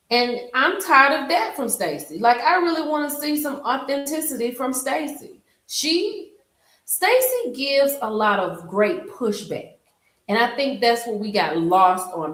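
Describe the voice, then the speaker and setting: A woman's voice: on the high side, reverberant, poor audio. A woman hosting a casual live stream, chatting animatedly. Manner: chatty, animated, talks to viewers directly. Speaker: livestream host.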